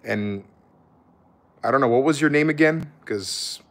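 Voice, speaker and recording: A man's voice: mid-range voice, a little slow. A young man chatting casually on a live stream, laid-back and swearing freely, calling viewers bro.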